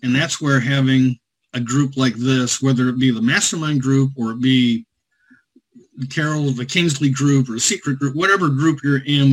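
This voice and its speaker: A man's voice: medium pitch, low-quality recording. A man giving earnest advice in a casual group discussion. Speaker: group call member.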